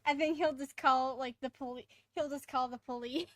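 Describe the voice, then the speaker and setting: A woman's voice: high voice, moderate pace, a bit bright, no echo. A woman streamer playing a courtroom game, giggly and self-deprecating as she chats. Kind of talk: casual game commentary.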